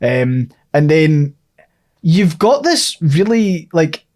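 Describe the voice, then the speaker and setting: Sweary, ranting man with a higher voice. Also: very animated, very slow, darkish tone. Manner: ranting, swears freely, sarcastic. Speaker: podcast co-host. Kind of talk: casual chat, film review.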